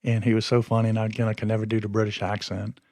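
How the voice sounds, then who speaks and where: A man hosts his podcast, telling a story in a low, mellow, monotone voice and talking fast. He rambles conversationally and often loses his train of thought, with no echo on the recording.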